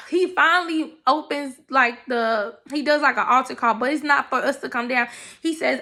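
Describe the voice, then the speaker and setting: Young woman, high voice, gravelly edges, animated, emotional storytelling. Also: fairly quick. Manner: animated, emotional, addresses listeners as y'all. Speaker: person sharing a faith testimony. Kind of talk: casual storytelling.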